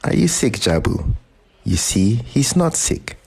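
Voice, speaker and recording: A man voicing a stubborn, scolding elderly grandmother in a short story reading, with a husky voice. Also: on the low side, very animated, slow pace, darkish tone, voice pushed up, exaggerated voice.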